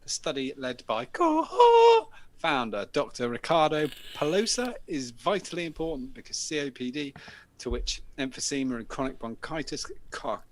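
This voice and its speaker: A man's voice: fairly high pitch, wildly swooping pitch, moderate pace. A British man hosting a show, chatting in a casual, sweary way and laughing as he tells stories and reads news items. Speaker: host. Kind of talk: casual banter and reading news.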